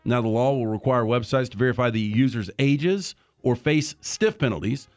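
Male radio host, middle pitch, dry studio sound, faint music under him. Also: darkish tone, dry recording. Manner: reads stories briskly, then jokes around. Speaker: radio show host reading news items. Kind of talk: radio show banter and news reading.

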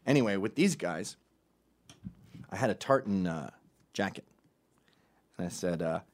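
Brief: middle-aged male comic, profane and sardonic, pitch swings all over. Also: expressive, unhurried, long pauses. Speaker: comedian. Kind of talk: comedic monologue.

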